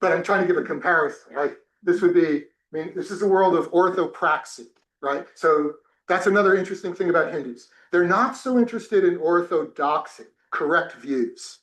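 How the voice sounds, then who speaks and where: A male professor from New Jersey tells classroom stories in an animated way, breaking off and restarting his sentences. His voice sits a little high for a man. The room around him is echoey. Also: normal speed. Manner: animated storytelling with many restarts. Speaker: religion professor. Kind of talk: classroom talk with personal stories. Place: temple classroom.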